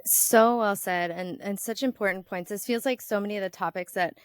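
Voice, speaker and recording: A woman's voice: fairly quick, clean tone, no room sound, clean studio sound. A woman hosting a health podcast in casual conversation, telling stories animatedly and acting out quoted exchanges, with frequent "like" fillers. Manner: animated storyteller, acts out quoted exchanges with sudden lifts in pitch and volume. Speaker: podcast host and health coach.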